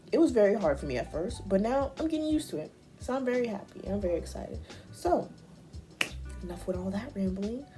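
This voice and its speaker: A young woman talks through a casual life-update vlog, chatty and animated, jumping into squeaky high voices when she replays conversations. Her own voice sits low and mellow, and faint music plays underneath. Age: young adult. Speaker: vlogger.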